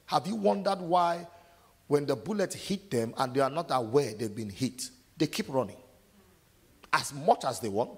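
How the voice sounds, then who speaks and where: A pastor with a husky, slightly high voice preaches a sermon in a reverberant hall. He uses call-and-response, asking the congregation to finish verses, and acts out scenes with loud, sudden shouts.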